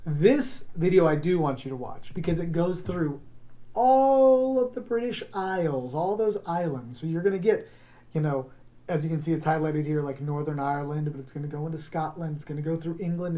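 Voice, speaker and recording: Mellow-voiced teacher giving an encouraging lesson. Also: medium pitch, fairly even intonation, a little fast. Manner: encouraging, conversational, demonstrates sounds. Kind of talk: recorded class lesson on accents.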